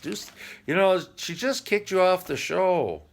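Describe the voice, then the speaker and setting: A man's voice: high voice, wildly swooping pitch, unhurried. A middle-aged man hosting a home channel, casually recapping a TV dating show with rambling, wry asides. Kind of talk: casual chat.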